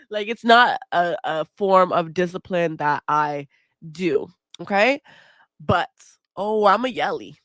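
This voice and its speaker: A woman's voice: fairly low pitch, a bit bright, dry recording. A woman hosting her own podcast, a mother talking frankly and confessionally in a casual monologue and swearing freely. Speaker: podcast host.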